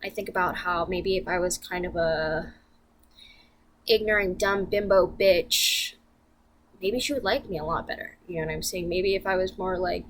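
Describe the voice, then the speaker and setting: A woman's voice: medium pitch, normal speed, fairly bright tone. A young woman venting to camera in a casual vlog, blunt and profane, rambling with lots of fillers. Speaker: vlogger.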